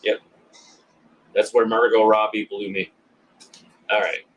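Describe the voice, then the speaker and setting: A man's voice: on the low side, level tone, slow, husky, dull audio. A man co-hosting a casual podcast, joking crudely about a slasher movie and often acting out characters' lines. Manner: joking, laughs often, acts out quoted lines. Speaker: podcast co-host.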